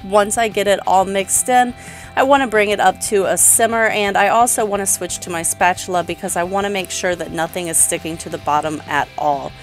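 A woman in her thirties gives a recipe voice-over at a middle pitch. She explains each step in a relaxed, practical way. Faint music sits behind her. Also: a little fast. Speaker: cooking channel host.

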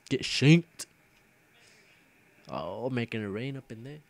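A young man gives loose, casual commentary over his own gameplay, joking and grumbling as he goes. He trash-talks opponents in a relaxed, chatty way at a middle pitch. It sounds like a home gaming video with an ordinary everyday voice. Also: takes it slowly, vocal fry, no room sound. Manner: joking, grumbling and trash-talking at other players.

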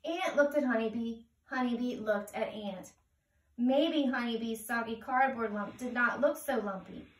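A woman reading a picture book aloud to children in a gentle, sing-song way. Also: fairly high pitch, a little slow. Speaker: children's storyteller. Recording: roomy, heard from a distance.

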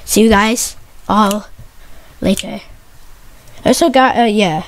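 A gaming YouTuber giving excited gameplay commentary, yelling often and straining her voice. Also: mid-range voice, takes it slowly. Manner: excitable, yells a lot, says "dude" constantly.

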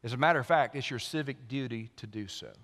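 A male senior pastor preaching a sermon, swinging from loud, lifted lines down to quiet, low emphasis. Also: fast talker. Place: church sanctuary. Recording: long church hall reverb.

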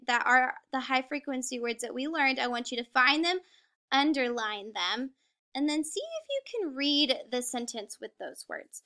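A woman teaching a kindergarten reading lesson on video, speaking slowly and encouragingly and stretching words out for small children. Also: high voice, sharp tone.

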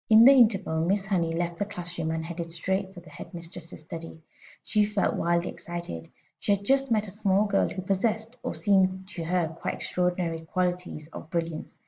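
A female teacher with a lowish, creaky voice reads a children's storybook aloud, narrating expressively and steadily. The lo-fi recording sounds slightly muffled.

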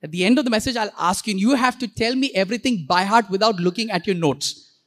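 A pastor preaches a sermon in a church with a medium-pitched, slightly bright voice. He's playful and interactive, tossing in quick jokes and asides and calling on the congregation to repeat words back.

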